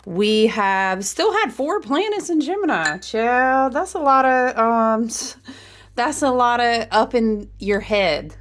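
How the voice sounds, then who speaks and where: A woman's voice: fairly high pitch, sing-song, slow pace. A woman, chatting playfully with viewers as a tarot reader, laughing often. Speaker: tarot reader and astrology vlogger. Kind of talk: casual chatty livestream talk.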